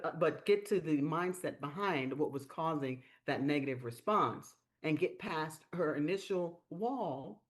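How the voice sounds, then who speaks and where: A woman hosting a live-stream business training, telling stories in a lively way and acting out the quotes. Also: low-pitched. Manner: lively storyteller, acts out quotes. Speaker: sales training host.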